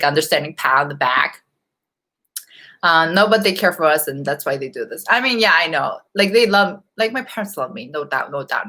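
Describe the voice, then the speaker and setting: A young beauty vlogger hosts a casual live-stream Q&A in a lowish, bright, forceful voice. She chats and laughs often, reading viewer comments while snacking and eating as she talks.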